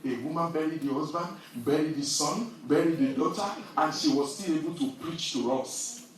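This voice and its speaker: A man preaches in a big, very echoey hall, his voice a little higher than most men's. He sounds distant from the mic, with faint noise behind him, and he swings from quiet storytelling to loud, forceful scripture reading. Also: normal speed. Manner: animated, rising to loud emphasis when reading scripture. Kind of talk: sermon.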